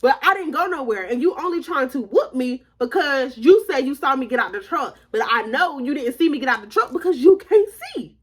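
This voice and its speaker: A young woman in casual storytime mode, her voice pitched a little high. She is chatty and slangy, talks straight to her viewers as y'all, and laughs often as she tells it. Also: animated, a little fast, hardly any pauses. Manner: laughs often while telling. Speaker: vlogger telling a story.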